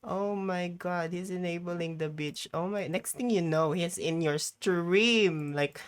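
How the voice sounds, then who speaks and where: A woman streaming live and chatting casually with her viewers. She rambles from one thought to the next and breaks into exclamations. Her voice sits low and she takes her time. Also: measured pace, few pauses, smooth.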